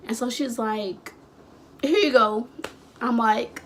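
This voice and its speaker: A young woman in her late teens chatting casually, rambling through a storytime and acting out the dialogue with sudden high outbursts. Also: slow, long pauses, a little hiss or hum. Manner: acts out quoted dialogue. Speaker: vlogger.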